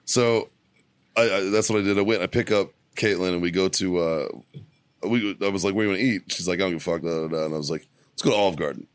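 Male podcast co-host, low voice, dry close studio sound, rambling profane storyteller. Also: fast talker, clean tone, no echo. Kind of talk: casual storytelling chat.

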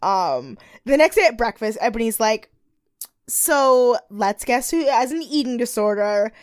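Lively young woman ranting in chat. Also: fairly high pitch, unhurried, no room sound, studio quality. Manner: animated, ranting, acts out quotes. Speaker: podcast co-host. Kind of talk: casual recap chat.

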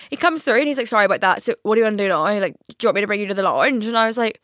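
A young woman hosting a podcast, telling stories in a chatty, rambling way full of fillers and lively quoted asides. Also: mid-range voice, very fast, few pauses, no echo, studio quality. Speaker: podcast host. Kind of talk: casual chat.

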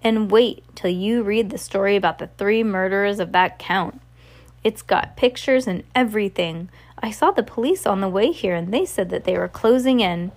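A woman's voice: mid-range voice, normal speed, natural voice. A woman voicing a blunt, sneering male delivery man.

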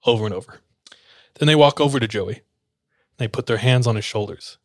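A man's voice: mid-range voice, brisk, no echo, studio quality. Man casually telling an eerie story. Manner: loose and conversational, many filler "like"s, acts out quoted lines.

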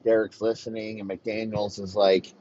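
A man's voice: on the low side, level tone, normal speed, warm tone, dull audio. A man telling a rambling, profane comedic story and acting out the characters. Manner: rambling, crude, acts out voices.

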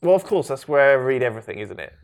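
A man's voice: medium pitch, very animated, clean tone. A man co-hosting a podcast, chatting casually and making rambling jokes. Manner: joking, rambling, quick to laugh. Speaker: podcast co-host. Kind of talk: casual chat.

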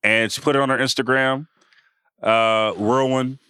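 A man's voice: mid-range voice, steady tone, measured pace, bright, forceful tone, clean tone, no echo, clean studio sound. A man co-hosting a sports podcast, chatting loosely and trailing off with fillers. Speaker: podcast co-host. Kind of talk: casual sports chat.

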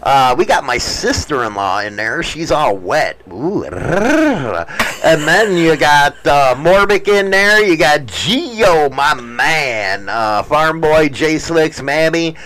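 A man's voice: on the high side, lively intonation, slow, few pauses, fairly bright tone, poor audio. A middle-aged man hosting a show, trading crude, profane teasing in casual banter. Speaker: show host.

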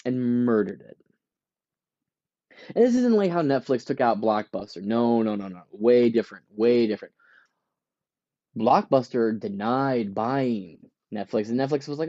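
Man, podcast host, casual profane rant, mellow dark tone, dull lo-fi audio. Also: mid-range voice, moderate pace. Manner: profane, animated, acts out voices of companies and shoppers.

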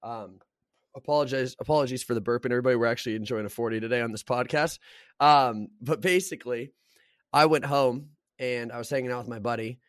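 A man's voice: mid-range voice, quick pace, dry recording, clean studio sound. A young man co-hosting a podcast in casual chat, telling stories bluntly and with lots of swearing. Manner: blunt, profane, animated storyteller. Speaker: podcast co-host.

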